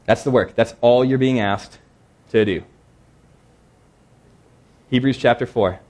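A man preaching a sermon in a conversational, earnest way, slowing down to read scripture verses. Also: medium pitch, darkish tone.

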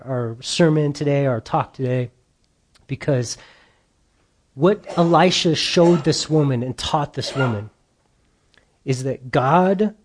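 A man's voice: on the high side, darkish tone. A man preaching a sermon as a pastor, telling stories and giving emphatic points. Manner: storytelling with quoted voices, emphatic.

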